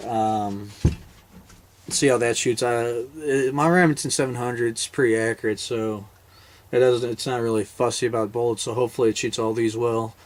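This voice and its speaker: Male veteran, mid-range pitch, casual vlog storyteller; loose, rambling delivery full of restarts. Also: fairly even intonation, moderate pace. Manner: rambling, laid-back, many fillers and restarts. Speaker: military veteran hunter.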